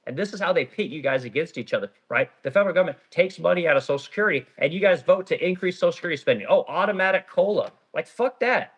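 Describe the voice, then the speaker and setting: Fast-talking husky-voiced man ranting. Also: a little high, a bit bright. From Oregon. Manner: blunt, profane, ranting. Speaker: small business owner livestreaming. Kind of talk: casual live-stream rant reading comments.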